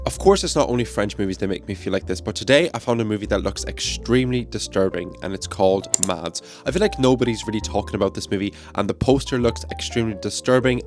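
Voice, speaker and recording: A man chatting casually in a movie vlog, joking and swearing freely, recorded on a phone mic. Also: on the low side. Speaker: movie review vlogger.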